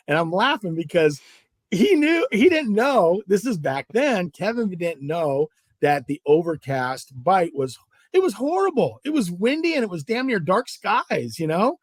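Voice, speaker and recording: A man's voice: high voice, moderate pace, dry recording, clean studio sound. A middle-aged man from Southern California, a guest angler telling fishing stories in a casual interview and acting out the dialogue. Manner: animated, acts out dialogue in stories.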